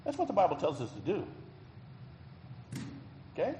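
Man, pastor, sermon, folksy, emphatic, slightly high voice, echoey hall. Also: huge pitch swings, normal speed. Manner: folksy, emphatic preaching with sudden loud swells. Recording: echoey hall, faint background noise.

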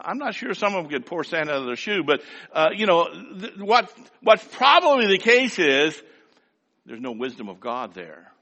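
A man's voice: a little high, bright, forceful tone, in a large hall. An older man preaching a sermon in a folksy, rhythmic way, with lots of repetition. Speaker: pastor.

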